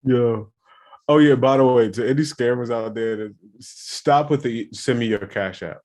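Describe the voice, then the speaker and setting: A man's voice: mid-range voice, normal speed, a little mellow. A man co-hosting a podcast, chatting casually and joking about scams. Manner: jokey, acts out calls in put-on voices. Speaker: podcast co-host. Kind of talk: casual chat.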